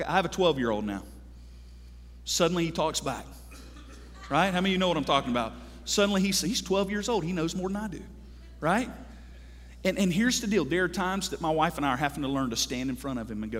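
A lively, high-pitched man preaches in a big church, his voice ringing with a long reverb off the hall. He is in his thirties, animated and joking, and keeps calling out to the congregation for an answer. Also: a little fast. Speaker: pastor. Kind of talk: sermon.

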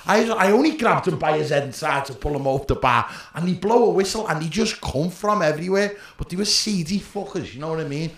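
A man's voice: a little high, animated, a little fast, gravelly, hardly any pauses, a bit bright. A man with a Liverpool accent, a podcast guest talking bluntly and swearing freely. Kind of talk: casual chat.

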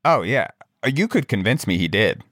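Low-voiced man rambling with fillers. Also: big pitch swings, normal speed, a bit bright, no echo, clean studio sound. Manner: rambling storyteller, many fillers. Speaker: podcast co-host. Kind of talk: casual chat.

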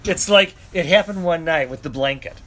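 Playful higher-voiced male co-host. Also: a little fast, a bit bright. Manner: jokey, playful, prone to singing and silly voices. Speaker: podcast co-host. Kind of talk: casual banter.

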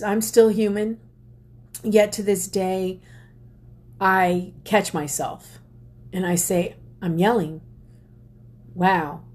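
A woman speaking to an audience, telling a personal story slowly and deliberately, with pauses and restarts. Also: lowish voice, a little mellow. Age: adult parent. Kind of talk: reflective personal talk to an audience.

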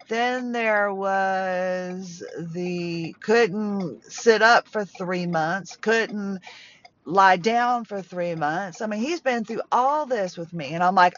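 A woman's voice: medium pitch, highs cut off. Rambling woman in her fifties chatting from a parked car. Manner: rambling, emotional, self-interrupting. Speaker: podcast host. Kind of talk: rambling personal chat.

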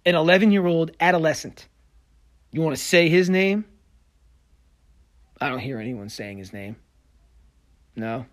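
A man in a heated solo podcast rant, sarcastic and combative. His voice sits a little higher than most men's, and he swings between loud bursts and low, muttered asides. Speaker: podcast host. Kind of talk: solo sports opinion rant.

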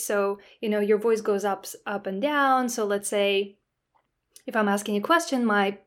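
A woman who is a native Russian speaker, a podcast guest explaining language and the brain in a relaxed way, with many "you know" fillers. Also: medium pitch. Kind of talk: casual podcast interview.

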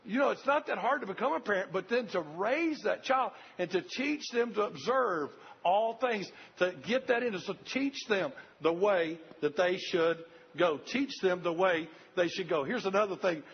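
A man's voice: high voice, expressive, normal speed, slight background noise. An older man preaching a sermon, earnest and repetitive, speaking straight to the congregation. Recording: dull lo-fi recording.

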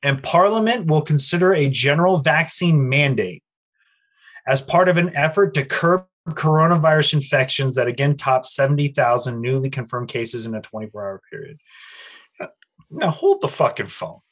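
A fairly high-voiced American man co-hosting a loose, foul-mouthed podcast. He reads news items aloud and breaks off into crude, animated rants between them. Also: normal speed. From United States. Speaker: podcast co-host. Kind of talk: casual profane podcast chat. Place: Los Angeles area.

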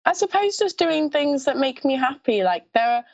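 A woman's voice: sits high, very animated, moderate pace, gravelly, dry recording, highs cut off. A young woman from Scotland with a mild lisp, chatting as a pageant contestant in a casual interview and often restarting her sentences. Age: young adult. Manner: chatty, giggly, lots of restarts.

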